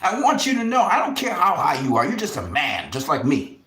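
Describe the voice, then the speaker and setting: Fervent man with a lively, echoey voice. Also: on the high side, a little fast. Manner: fervent, emphatic, repeats vows, drops to harsh whispers. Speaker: boxing channel host. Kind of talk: impassioned monologue to camera.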